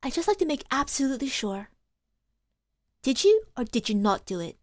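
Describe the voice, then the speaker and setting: A woman voicing an earnest young male law student who speaks gently and sincerely. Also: high voice, very animated, moderate pace, dry recording, studio quality. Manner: earnest, gentle, softly spoken.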